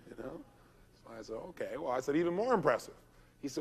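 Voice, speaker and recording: A man's voice: mid-range voice, expressive, racing, long pauses, breathy edge. A man giving a motivational seminar talk, telling stories animatedly, acting out quoted lines and asking the audience questions. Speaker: motivational speaker.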